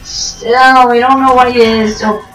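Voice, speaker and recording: A woman's voice: flat delivery, measured pace, a bit bright. Rambling woman commenting over gameplay. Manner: joking, digressive, many ums and restarts, sudden jumps in pitch. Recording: roomy echo, distant mic, faint game music.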